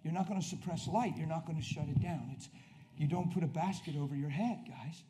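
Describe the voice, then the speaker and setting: A man preaching an energetic sermon, swinging from shouted bursts to quiet asides and acting out conversations. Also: fairly high pitch, a little fast.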